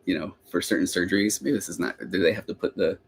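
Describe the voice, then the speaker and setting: A man's voice: sits low, fast, a little hiss or hum. A middle-aged man, a therapist hosting a live question-and-answer podcast, talking in a rambling, chatty way that often breaks off and restarts. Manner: rambling, self-interrupting, chatty.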